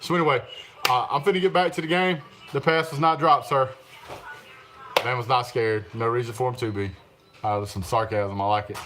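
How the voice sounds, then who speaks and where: A man's voice: mid-range voice, a little fast, fairly bright tone, a little hiss or hum. Chatty man hosting a live chat. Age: adult, father of young children. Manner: chatty, laughs often, talks back to the chat. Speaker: live stream host reading viewer comments.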